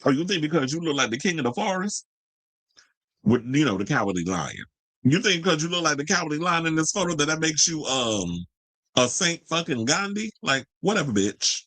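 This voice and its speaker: A man's voice: big pitch swings, moderate pace, a bit bright, no room sound, poor audio. A man hosting a celebrity gossip podcast, reading the news and then breaking into brash, profane, sassy rants. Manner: brash, profane and sassy, jumping to high exclamations. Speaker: podcast host. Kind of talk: unscripted celebrity gossip commentary.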